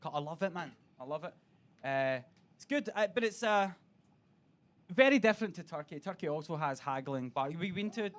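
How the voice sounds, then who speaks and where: Man, stand-up comedian, fairly high voice, swearing, acts out voices, comedy club stage. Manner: swearing, quick act-outs of other voices.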